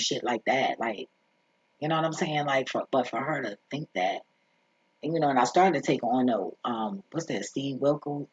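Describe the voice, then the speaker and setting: A man's voice: mid-range voice, slightly rough, no echo. A man telling a story in a casual vlog, blunt and profane, rambling with lots of asides. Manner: rambling, profane and blunt, with frequent "you feel me". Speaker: vlogger. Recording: dull lo-fi recording.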